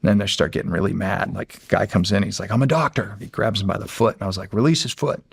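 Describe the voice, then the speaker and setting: A middle-aged man from the United States, a former Navy SEAL, telling a story in a casual, halting way with many restarts. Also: sits low, flat delivery, no room sound, studio quality. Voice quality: gravelly, husky voice.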